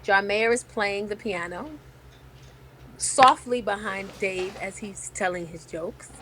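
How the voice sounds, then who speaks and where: A woman's voice: medium pitch, takes it slowly, a little hiss or hum, rough recording. A woman comedian telling a story in casual chat, swearing freely and acting out what others said. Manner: lively storyteller, swears freely, acts out quotes. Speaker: comedian guest.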